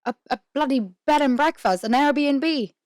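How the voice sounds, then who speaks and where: A woman's voice: sits high, moderate pace, darkish tone, no room sound, studio quality. A young woman hosting a podcast, ranting in a blunt, profane casual chat and laughing mid-sentence. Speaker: podcast host.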